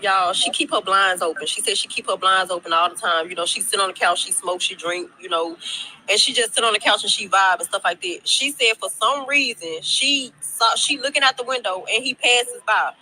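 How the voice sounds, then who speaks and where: Woman spinning a gossipy storytime, chatty and cursing, with a piercing bright tone. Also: mid-range voice, slight background noise, rough recording. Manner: chatty, slangy and profane, repeats herself. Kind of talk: casual storytime to followers. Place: at her workplace.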